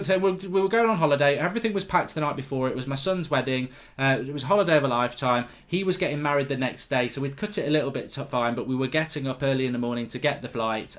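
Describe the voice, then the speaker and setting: A man's voice: mid-range voice, fairly bright tone. Rambling, sweary middle-aged English man. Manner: rambling, swearing, puts on mock weak voices. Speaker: host. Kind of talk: casual chat.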